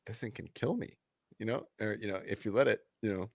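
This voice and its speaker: A man hosting a podcast, chatting casually in a relaxed, filler-heavy way and swearing now and then. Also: fairly low pitch, a little fast, gravelly, husky, dry recording. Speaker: podcast host. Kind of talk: casual chat.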